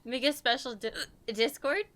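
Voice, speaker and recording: A woman's voice: high-pitched, normal speed, fairly bright tone. A tipsy woman streamer chatting casually while playing a game, hiccuping, giggling and swearing often. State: tipsy from drinks. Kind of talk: casual gaming stream chat.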